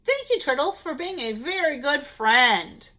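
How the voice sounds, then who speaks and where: A friendly, thankful farmyard pig from a children's storybook, as a woman reads him aloud. The voice is high and springy, full of easy warmth toward his friends. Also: very animated, measured pace, full character voice.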